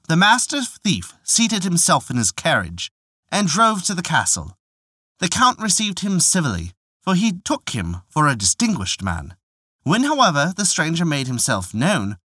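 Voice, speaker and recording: A man narrating a folk tale in a lively, expressive storytelling manner. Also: on the high side, a little slow, breathy edge, no room sound, studio quality.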